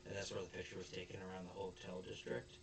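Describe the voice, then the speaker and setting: Low-voiced man rambling through a recap. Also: monotone, fast talker, creaky, noisy background. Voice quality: rambling, full of fillers. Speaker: podcast host. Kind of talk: casual episode recap.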